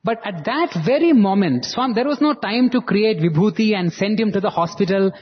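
Husky man telling a story. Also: high-pitched, moderate pace, muffled recording. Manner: animated, voices the people in his story. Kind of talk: devotional storytelling.

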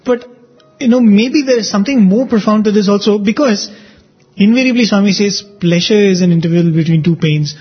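A man, explaining ideas in a measured way in a discussion. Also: high-pitched, slightly rough, lo-fi sound, faint music behind. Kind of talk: reflective discussion.

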